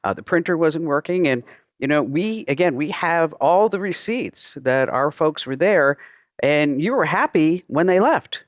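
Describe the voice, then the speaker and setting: A woman's voice: low voice, lively intonation, measured pace, dry recording, clean studio sound. A woman playing a pushy tech-support scammer who insists on a bill and rambles through restarts.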